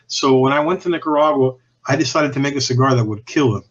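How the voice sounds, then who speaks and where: On a podcast, a man swaps cigar-industry stories in a candid, profane, meandering style, frequently starting over and letting sentences trail off. He talks fast in a mid-range voice, and the audio sounds dull.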